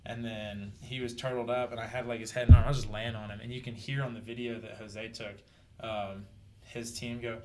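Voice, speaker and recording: Animated jiu-jitsu guest telling fight stories. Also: male voice, mid-range voice, brisk, slight background noise. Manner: animated storyteller, shouts out quoted coaches. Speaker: podcast guest, jiu-jitsu brown belt. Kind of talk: casual podcast chat.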